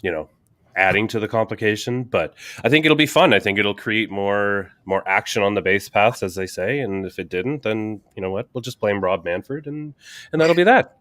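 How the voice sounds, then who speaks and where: A man's voice: fairly low pitch, moderate pace, fairly bright tone, no echo. A Canadian man co-hosting a casual sports podcast, chatting, joking and reading out viewer comments. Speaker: podcast co-host.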